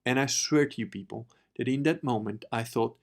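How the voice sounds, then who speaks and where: A man from Italy hosting a podcast, telling a personal story in a casual, profane, animated way that moves between quiet asides and loud bursts. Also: mid-range voice, fairly quick. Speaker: podcast host.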